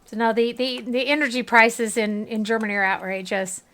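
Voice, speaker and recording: Her voice is on the high side, steady, fairly bright, and moderately paced. She's in her thirties, streaming a game and chatting with viewers in a giggly, casual way, laughing often.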